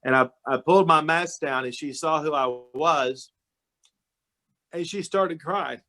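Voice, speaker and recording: With a voice on the high side and an unhurried pace, a man addresses a club meeting by video call. He is a county judge recovering from illness, and he keeps things casual, folksy and warm, telling stories as he goes.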